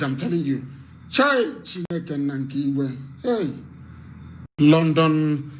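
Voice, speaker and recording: A man's voice: sits high, a bit bright. A man from Nigeria with a Nigerian accent, giving a fiery, repetitive live radio address as an activist broadcaster.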